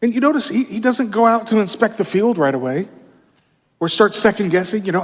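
A male pastor delivering a sermon in a relaxed, conversational manner, often dropping in "you know" as he explains. His voice sits noticeably high for a man. The sound carries a long reverb from a large church sanctuary. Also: a little fast.

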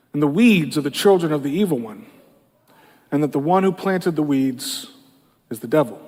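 In a large church sanctuary with lingering reverb, a male pastor gives an easygoing, conversational sermon. His voice sits unusually high for a man, and "you know" comes up often in his explanations.

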